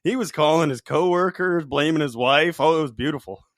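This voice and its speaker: A man on a casual podcast recounting a prank with mock solemnity. He keeps breaking into laughter as he talks. The recording is close and dry, at a middling male pitch. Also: brisk, no echo. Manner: mock-solemn, laughing through his story. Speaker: podcast co-host.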